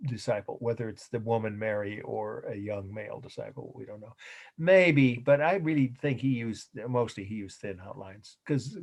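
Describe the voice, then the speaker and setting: Rambling man giving an art lecture. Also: medium pitch. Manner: rambling, self-correcting, chuckles often. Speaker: art history instructor. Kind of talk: recorded lecture.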